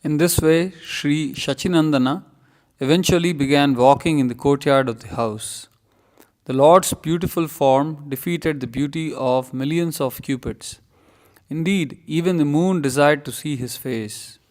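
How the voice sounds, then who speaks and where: A man taking his turn in a group reading, reading scripture aloud in a lively, raised voice. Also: fairly high pitch, unhurried.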